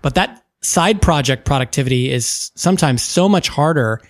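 A man co-hosting a podcast in casual chat, thoughtful and measured, with frequent ums. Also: a little high, lively intonation, dry recording, clean studio sound. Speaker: podcast co-host.

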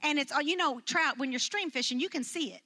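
A woman telling a funny personal story to an audience, animated and laughing as she acts out what everyone said. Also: a little fast. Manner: animated, acts out quotes with big jumps in pitch; laughs through her own story. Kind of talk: storytelling talk to a live audience.

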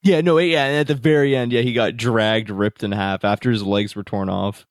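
A man casually chatting about a horror film as a podcast co-host, excitable, laughing often and swearing freely. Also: fairly low pitch, normal speed, no echo, clean studio sound. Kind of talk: casual horror movie review chat. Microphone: computer microphone.

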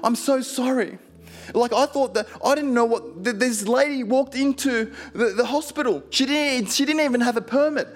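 A man's voice: extremely high pitch, normal speed, voice pushed up. A man voicing a flustered, apologetic female hospital nurse in a rambling way. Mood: apologetic, excited.

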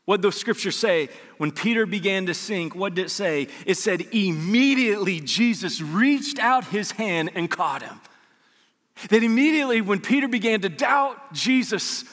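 High, bright-voiced preaching pastor man. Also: expressive, normal speed, long reverb tail. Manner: conversational, acts out scripture scenes. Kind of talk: sermon.

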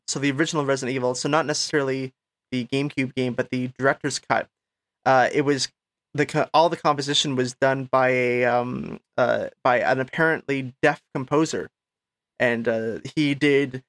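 A man's voice: mid-range voice, no echo. A man co-hosting a podcast, chatting casually with frequent laughs and restarts. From Canada. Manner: animated, laughs often, many restarts. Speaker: podcast co-host. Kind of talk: casual chat.

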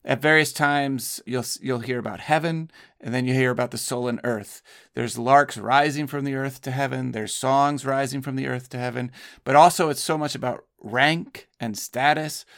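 A man co-hosting a podcast, explaining a poem and slowing down to stress key phrases. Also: medium pitch, fairly even intonation, a bit bright. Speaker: podcast co-host. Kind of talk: conversational literary discussion.

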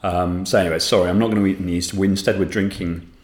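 A man's voice: deep voice, steady tone, racing, reverberant. A sleep-deprived man co-hosting a podcast in rambling, self-deprecating casual chat. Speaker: podcast co-host.

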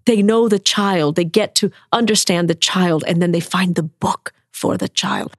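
A woman's voice: on the low side, moderate pace, dry recording, clean studio sound. A woman from the American South telling personal stories in conversation, acting out voices and dropping to whispers. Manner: expressive, acts out quoted voices, drops to whispers. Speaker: storyteller.

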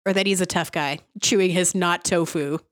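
A woman's voice: on the low side, fairly even intonation, normal speed, no room sound, clean studio sound. Sarcastic giggly woman recapping TV. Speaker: podcast host. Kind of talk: casual TV episode recap.

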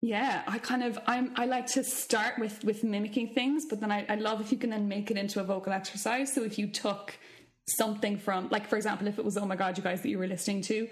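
A woman's voice: mid-range voice, fairly even intonation, fast talker. A woman, a vocal coach explaining singing technique in casual chat and thinking aloud as she goes.

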